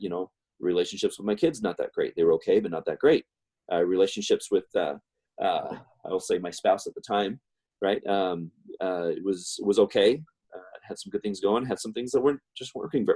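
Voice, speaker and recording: A man's voice: deep voice, a little fast, warm tone, husky. A middle-aged man telling a personal story in a rambling way, with many fillers and restarts. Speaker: guest speaker.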